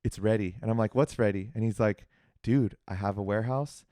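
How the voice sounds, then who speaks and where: A young man casually telling a story on a podcast, animated and acting out the quoted dialogue, with many fillers. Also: on the low side, a little fast, no echo, clean studio sound. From California. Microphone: podcast mic.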